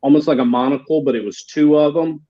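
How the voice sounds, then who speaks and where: A man's voice: on the high side, steady tone, fast, warm tone. A man telling stories and joking as a guest on a casual panel. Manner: storytelling, jokey. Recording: dull lo-fi mic.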